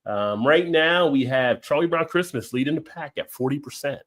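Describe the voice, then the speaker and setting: Speaking at a normal speed in a fairly high voice, a man hosts a live stream and chats casually over drinks. He rambles, laughs often and tells stories in an animated way.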